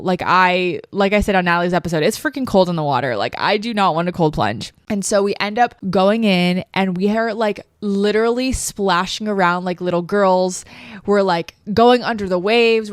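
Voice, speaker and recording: A woman's voice: mid-range voice, no room sound. A young adult woman hosting a podcast, telling a personal story in a chatty way, full of fillers, with emotion close to the surface. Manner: emotional, tearful at times, many "like" fillers. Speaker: podcast host. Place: living room.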